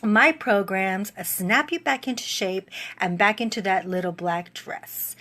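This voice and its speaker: A woman's voice: medium pitch, a bit bright. A woman who runs a fitness program, giving a gratitude testimonial on a live stream, crying and laughing through tears.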